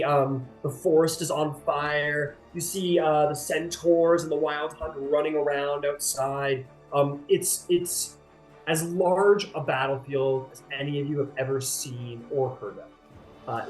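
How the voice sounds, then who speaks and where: Rambling game master, roomy sound. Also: male voice, fairly high pitch, fairly even intonation, unhurried. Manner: loose, rambling narration with many fillers. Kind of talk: narrating a tabletop game. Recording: roomy sound with faint music.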